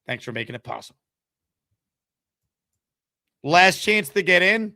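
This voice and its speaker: A man hosting a live call-in sports show, talking with fast, energetic enthusiasm and reading giveaway promos. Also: sits high, no room sound, clean studio sound. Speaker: sports talk show host.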